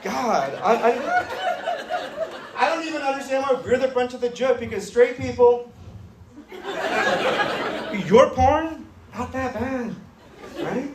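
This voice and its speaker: A man doing stand-up comedy on a club stage, with a deadpan, edgy, self-mocking delivery. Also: very high voice, takes it slowly, long pauses, heavy background noise. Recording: roomy club sound from far, crowd laughter.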